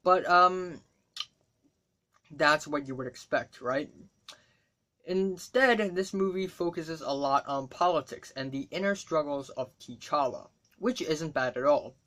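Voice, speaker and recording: A man with a slightly higher voice reads his own movie review from notes. He keeps it casual and chatty, breaking in with fillers and small asides. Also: slow pace, pushed and bright. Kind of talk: reading a written review aloud.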